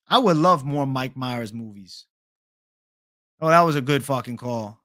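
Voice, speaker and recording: A man's voice: medium pitch, moderate pace, sharp tone, no echo, studio quality. A young man hosting a casual livestream, reading viewer questions aloud in a laid-back, profane bro manner. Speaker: livestream host.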